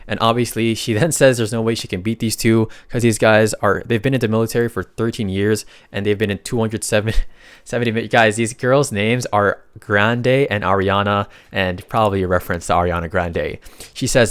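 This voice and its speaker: A man casually recapping a comic story, reading out characters' lines and reacting with excited slang. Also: lowish voice, moderate pace, smooth, dry recording, studio quality. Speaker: recap narrator.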